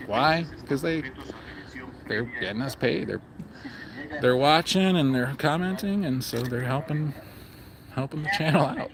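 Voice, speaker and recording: A man's voice: on the high side, lively intonation, unhurried, long pauses, a crowd in the background, rough recording. Blunt, profane man livestreaming outdoors. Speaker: livestream vlogger. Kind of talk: casual livestream chat. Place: outdoors in a public area.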